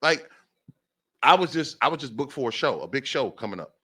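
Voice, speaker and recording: A man's voice: medium pitch, big pitch swings, fairly quick, sharp tone, breathy edge. A man hosting a talk show, delivering an impassioned monologue and repeating phrases for emphasis. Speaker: podcast host.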